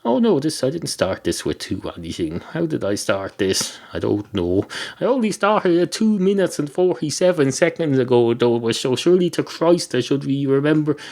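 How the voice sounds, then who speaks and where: A man hosting a podcast alone, wandering off into wry tangents and interrupting himself. His voice sits at an ordinary middle pitch and keeps a loose, unscripted flow. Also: very animated, normal speed, darkish tone. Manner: meandering, self-interrupting, wry. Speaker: podcast host. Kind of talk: rambling comic monologue.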